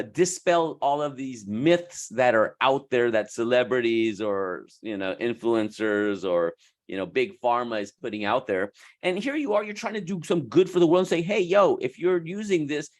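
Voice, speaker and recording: A man coaching estheticians in a casual talk to camera, animated and slangy, sometimes jumping into high voices to quote people.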